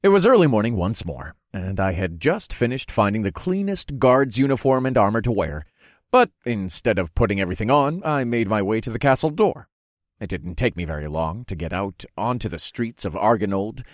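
A man narrating a fantasy audiobook in the first person with a lively, expressive reading. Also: fairly low pitch, fairly quick, no room sound, studio quality.

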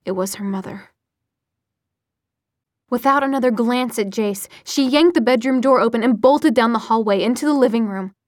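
A woman narrating an audiobook in a steady, expressive reading voice. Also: on the high side, normal speed, no echo, clean studio sound.

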